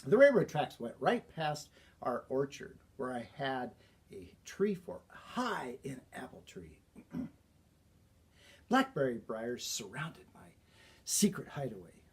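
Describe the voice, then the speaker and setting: A man recounts a boyhood tale in a slow, folksy storytelling manner. His voice is a little husky, and it rises and falls expressively from line to line. Now and then he stops to clear his throat. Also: medium pitch, big pitch swings. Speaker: author telling a childhood story. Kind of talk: personal storytelling.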